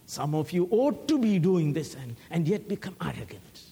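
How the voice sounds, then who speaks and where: A man preaching a sermon with passion, swinging from loud cries to hushed whispers. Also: a little high, big pitch swings, normal speed, slightly rough.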